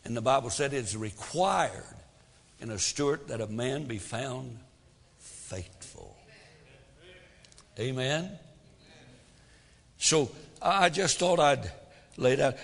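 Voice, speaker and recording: A man preaching a sermon, swinging between loud emphasis and hushed asides. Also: medium pitch, gravelly, long reverb tail. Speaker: pastor.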